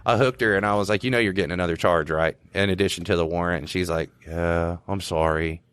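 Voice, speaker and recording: A man's voice: sits low, rapid-fire, fairly bright tone, dry recording. A man, a police officer co-hosting a podcast, telling work stories in a laid-back drawl. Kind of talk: casual storytelling chat.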